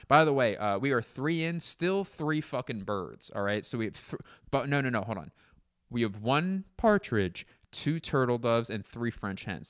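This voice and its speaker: A man riffs crudely on his podcast, rambling and breaking off mid-sentence. His voice sits low, yet it leaps around with animated swings. The tone is smooth and resonant, recorded close and dry with no room around it. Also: no room sound. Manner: rambling, crude, self-interrupting. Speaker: podcast host. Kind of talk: profane comic riffing monologue.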